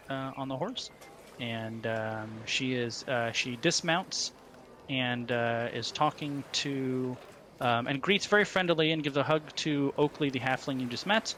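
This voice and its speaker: A man narrating a tabletop game as game master, pausing often with fillers. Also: medium pitch, a bit bright, slight background noise. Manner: halting, many ums and pauses.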